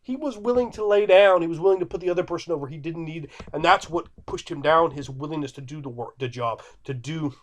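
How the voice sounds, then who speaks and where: Quick and with few pauses, a slightly high male voice drives this commentary. The speaker is a video creator in his thirties who argues emphatically and repetitively with an imagined viewer, pressing his opinions.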